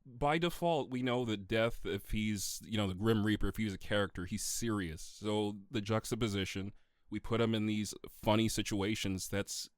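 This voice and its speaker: A man co-hosting a casual movie podcast, animated and laughing often as he talks. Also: fairly low pitch, moderate pace, dry recording, clean studio sound. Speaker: podcast co-host.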